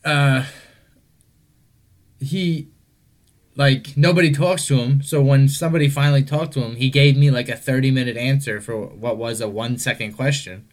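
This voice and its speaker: A man's voice: medium pitch, fairly even intonation, moderate pace. Male co-host, easygoing storyteller, casual and profane. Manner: laid-back storyteller, profane. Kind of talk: casual chat.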